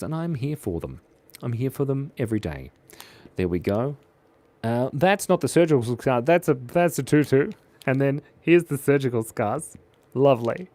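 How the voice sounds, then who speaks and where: A man's voice: on the high side, no echo. An Australian man hosting a drawing stream, chatting and cracking silly puns as he draws. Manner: jokey, punning. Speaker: drawing channel host. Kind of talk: live-stream chat while drawing.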